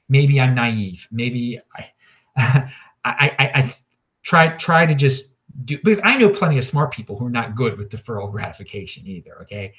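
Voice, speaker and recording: A man at a middle pitch talks alone on his own show. His monologue is opinionated and rambling. He keeps restarting sentences and repeating words as he goes. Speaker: podcast host. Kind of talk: casual solo monologue.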